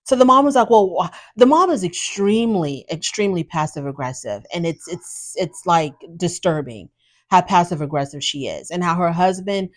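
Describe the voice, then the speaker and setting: A woman, hosting and giving opinionated, animated commentary on a show and acting out quotes in her own voice. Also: on the low side, moderate pace. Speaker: host recapping a reality show. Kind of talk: casual commentary.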